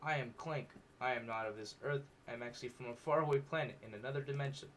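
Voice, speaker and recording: A man's voice: medium pitch, quick pace, a bit bright, slight background noise, close to an everyday voice. A man doing a stiff robotic alien classmate. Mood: solemn. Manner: stiff, formal robotic delivery.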